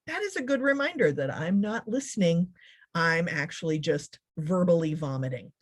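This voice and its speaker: Woman keynote speaker, sarcastic and funny, animated motivational talk. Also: fairly low pitch.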